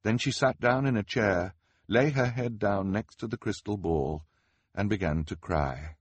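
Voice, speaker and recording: Husky low-ish guy reading a story, wry and expressive, dry close sound. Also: unhurried, no echo. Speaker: audiobook narrator. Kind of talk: scripted storybook narration.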